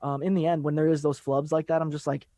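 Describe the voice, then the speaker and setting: A man guesting on a podcast, talking fast and laid-back in casual chat, laughing often. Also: a little high, flat delivery, warm tone, no room sound.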